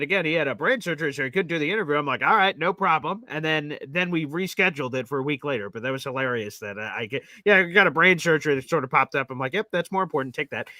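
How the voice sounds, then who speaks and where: Animated bright-voiced sports talk host. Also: male voice, on the high side, fast talker, hardly any pauses, no room sound, low-quality recording. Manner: animated storyteller acting out quotes. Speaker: podcast host. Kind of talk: casual sports talk storytelling.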